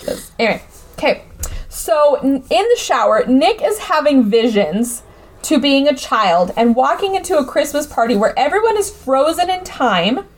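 Woman with a higher voice rambling through a movie recap, chatty and animated. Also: normal speed. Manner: chatty, animated, lots of fillers and asides. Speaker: podcast host.

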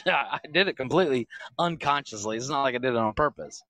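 A man's voice: medium pitch, animated, fast, fairly bright tone, dry recording. A man co-hosting a podcast, telling profane stories in casual chat and laughing often. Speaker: podcast co-host. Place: home recording room.

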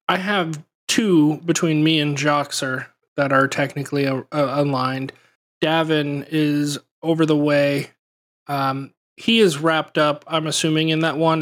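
Slow, hesitant tabletop game player. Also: medium pitch, little pitch movement, fairly bright tone. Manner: hesitant, thinking aloud.

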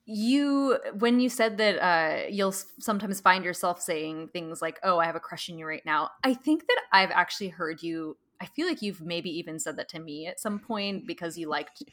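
Low-voiced woman podcast co-host. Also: lively intonation, normal speed, few pauses, fairly bright tone. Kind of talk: reading prepared notes, then casual chat.

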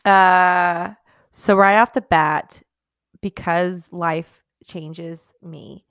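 A woman co-hosts a playful podcast chat and argues her opinions with mock seriousness. Her voice has a gravelly, fry-tinged edge. The sound is dry and close to the mic. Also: on the low side, fairly even intonation, extremely slow, fairly bright tone, dry recording. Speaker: podcast co-host. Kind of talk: casual chat.

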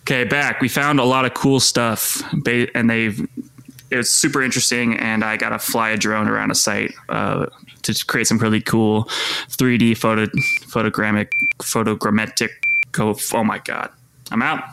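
A man's voice: fairly low pitch, flat delivery, moderate pace, creaky, bright, forceful tone, clear, resonant tone. A young man co-hosting a podcast who teases the others and trips over long words. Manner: teasing, fumbles big words. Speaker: podcast co-host. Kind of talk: casual podcast banter.

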